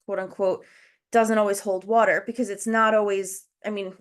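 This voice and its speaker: A woman's voice: mid-range voice, level tone, normal speed. A woman hosting a casual educational livestream, out of breath, explaining things step by step and talking to her viewers in the chat over a video call. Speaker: host.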